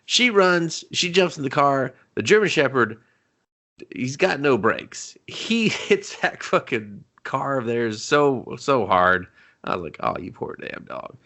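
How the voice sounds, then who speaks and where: Animated gravelly man retelling a movie. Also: medium pitch, takes it slowly. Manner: animated retelling with mocking voices, swearing, laughing. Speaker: podcast co-host. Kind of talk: casual movie review chat.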